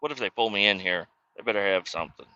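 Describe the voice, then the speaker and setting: Streaming a trucking game, a man in his thirties chats casually and tells rambling, profane stories in a laid-back way. His lowish voice is fast, bright and forceful. The dry mic sounds slightly muffled.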